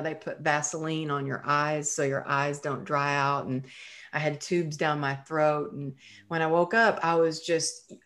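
Woman, podcast guest, low register; candid, vivid personal storytelling with casual fillers. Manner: candid, vivid retelling with frequent "you know" and "um".

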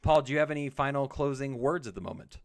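Fast, smooth-talking male podcast host. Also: medium pitch. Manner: upbeat, joking, moderates the panel. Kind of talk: casual roundtable chat.

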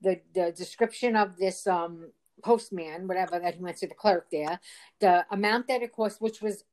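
A woman's voice: on the low side, normal speed, darkish tone. A woman in casual conversation, retelling a frustrating ordeal in a rambling, exasperated way, quoting what others said. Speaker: storyteller. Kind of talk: casual phone chat.

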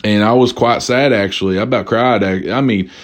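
A man's voice: fairly low pitch, brisk. A man hosting a casual drinking podcast, rambling and profane, cracking jokes and correcting himself, a little tipsy. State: tipsy from tequila. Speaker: podcast host.

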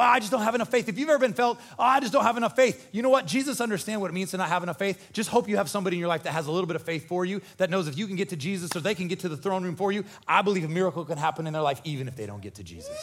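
A man preaching a sermon as pastor, animated and conversational, joking and acting out voices. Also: sits high. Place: church.

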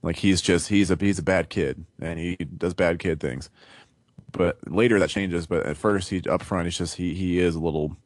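A man's voice: low voice, moderate pace, no echo. A man co-hosting a podcast, thinking aloud through a casual book discussion. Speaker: podcast co-host.

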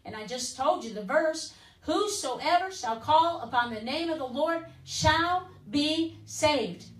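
A woman preacher in a fervent broadcast sermon with a high, bright-toned voice. She pleads with her listeners and leans on "listen" and "amen?". The sound is roomy and echoing, with her standing back from the microphone. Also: expressive, slow, distant mic. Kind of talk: broadcast sermon and altar call.

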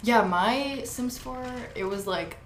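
A young woman co-hosting a casual podcast, halting and searching for words with many fillers. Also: mid-range voice. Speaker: podcast co-host. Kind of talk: casual chat. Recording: echoey room, faint noise.

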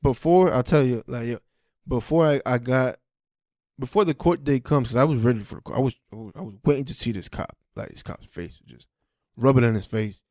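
Profane, animated man with a mellow voice. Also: medium pitch, a little fast, no room sound, studio quality. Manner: profane, animated, re-enacts dialogue. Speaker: podcast host. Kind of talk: casual storytelling monologue.

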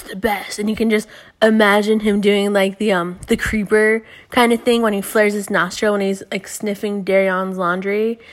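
A woman in her twenties hosting a podcast, telling stories in a rambling, profane way, full of fillers and restarts. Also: mid-range voice. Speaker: podcast host. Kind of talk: casual storytelling.

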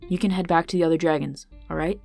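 A woman voicing a young male dragon tamer, hoarse from smoke, speaking gently. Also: lowish voice, fairly even intonation, quick pace, faint music behind. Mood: gentle.

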